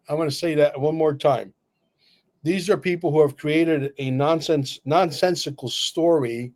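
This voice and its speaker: A man co-hosting a livestream, talking bluntly and emphatically, cursing and filling pauses with "uh". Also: on the high side, a little mellow. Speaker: livestream co-host. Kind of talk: opinionated livestream talk.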